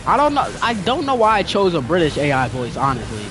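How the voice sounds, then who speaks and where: A man's voice: on the high side, wildly swooping pitch, a little fast, noisy background. Chatty young man streaming a game. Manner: chatty, slangy, chatting with viewers. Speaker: gaming streamer. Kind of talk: casual gameplay commentary. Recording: game music playing behind.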